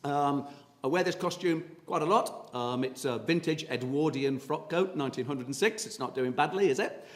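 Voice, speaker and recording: A man's voice: fairly high pitch, moderate pace. A man giving a public history talk as a tour guide, chatty and full of ums and uhs.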